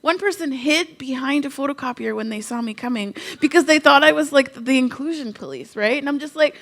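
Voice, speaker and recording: Lively, bright-voiced woman telling stories. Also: high voice, brisk, hardly any pauses. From Canada. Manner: humorous, animated storytelling with quoted asides. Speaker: keynote speaker. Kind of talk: conference keynote storytelling.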